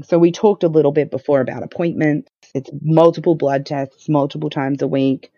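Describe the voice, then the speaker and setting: A woman with a deep, warm voice is a guest on a podcast, telling her own story casually. She is candid and matter-of-fact with a wry edge, and the recording is dull, lo-fi, and dry.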